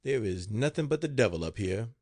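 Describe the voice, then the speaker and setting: A man's voice: lowish voice, expressive, fairly quick, a little mellow, no room sound, studio quality. A man voicing a long-suffering old woman cook who grumbles and mutters in an audiobook reading. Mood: grumbling.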